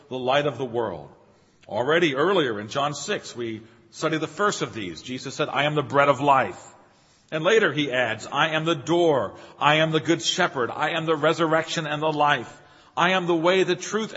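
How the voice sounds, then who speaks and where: Husky male preacher in a reverberant hall. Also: mid-range voice, fairly bright tone. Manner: earnest, emphatic, rising on key phrases. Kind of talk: sermon. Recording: long hall reverb, dull lo-fi sound.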